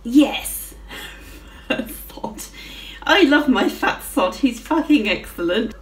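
A woman's voice: fairly high pitch, animated, takes it slowly, far from the mic. A woman giving casual gameplay commentary, swearing freely and giggling often as she plays. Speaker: gaming channel host. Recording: roomy with faint music.

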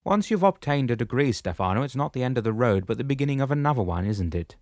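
Man doing a calm, patient old shepherd sage, voice pitched up and projecting, dry audiobook read. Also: fast, no echo, natural voice. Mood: calm explaining. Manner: patient, explaining, gently lecturing. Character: wise calm old male shepherd spirit.

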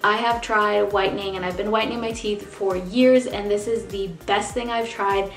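A woman's voice: medium pitch, steady tone, normal speed, reverberant, soft background music. A young woman with a slight lisp, chatting upbeat to her viewers in a sponsored product review. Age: young adult. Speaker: beauty vlogger.

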